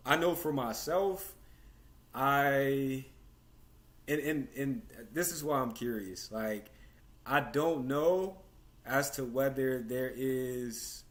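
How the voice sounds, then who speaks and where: A man hosting a casual conversation on a video call, talking in a relaxed, slangy way as he asks his guests questions. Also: mid-range voice. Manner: relaxed, slangy, many fillers and restarts. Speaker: host.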